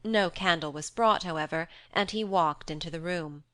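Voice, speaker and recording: A woman with a fairly low voice narrates an audiobook, telling the story in a measured, even way. The recording has no echo.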